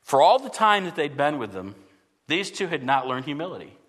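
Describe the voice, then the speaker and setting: Man, middle-aged, pastor, earnest sermon, forceful to hushed, high-pitched, reverberant hall. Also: big pitch swings, a little fast, husky.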